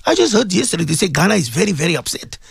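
Husky South African man, emphatic radio talk. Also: sits high, sing-song, racing, dry recording, studio quality. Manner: emphatic and repetitive, with frequent filler sounds and throat clearing. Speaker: radio talk show host. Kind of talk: impassioned radio commentary.

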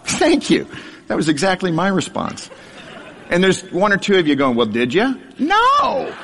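A man's voice: high-pitched, huge pitch swings, moderate pace, fairly bright tone, a little hiss or hum. A middle-aged man delivers a storytelling sermon to a live congregation. He jokes at his own expense and laughs through his lines. His voice rings with a long reverb from a large hall. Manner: self-deprecating humor, laughs through lines. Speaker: speaker sharing a testimony.

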